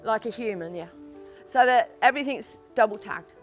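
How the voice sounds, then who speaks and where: A woman's voice: a little high, moderate pace, faint music behind. Chatty English woman farmer. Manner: chatty, emotional, talks softly to animals. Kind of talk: casual chat on a farm.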